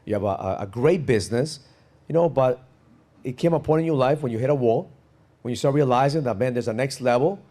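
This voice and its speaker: A man's voice: mid-range voice, brisk, warm tone. A man hosting a podcast, talking energetically and emphatically, often repeating words. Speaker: podcast host. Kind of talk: conversational interview.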